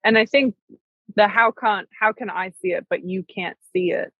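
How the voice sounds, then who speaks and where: A woman's voice: medium pitch, moderate pace, no echo, narrow, tinny audio. A young adult woman co-hosting a casual talk show, speaking earnestly and reflectively. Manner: earnest, reflective, says "right?" and "like" often. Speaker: podcast co-host. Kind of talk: casual conversation.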